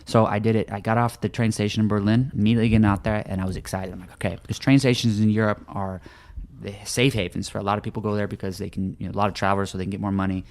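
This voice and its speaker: Fast-talking man, stumbling restarts. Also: on the low side, flat delivery, a little mellow. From United States. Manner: rapid, repeats words when starting sentences. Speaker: guest author. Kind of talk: casual interview chat.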